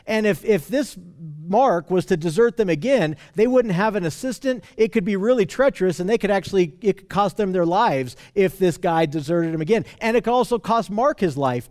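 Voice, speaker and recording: A man with a high-pitched voice and darkish tone preaches, explaining scripture in an earnest, conversational style. His expository Bible teaching is marked by frequent restarts.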